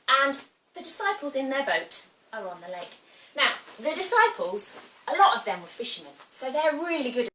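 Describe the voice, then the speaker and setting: A woman leading a children's church lesson at home, telling a Bible story with props in an animated way. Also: fairly high pitch, slight background noise. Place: home room during lockdown. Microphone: camera some distance away. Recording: roomy, distant camera mic.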